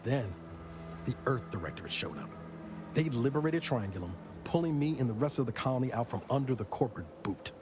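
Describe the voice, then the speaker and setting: A man voices a weary space agent in game dialogue, dry, wry and reflective, with a wistful mood. His natural, expressive voice sits at medium pitch and moves a little fast. Music plays behind this game audio.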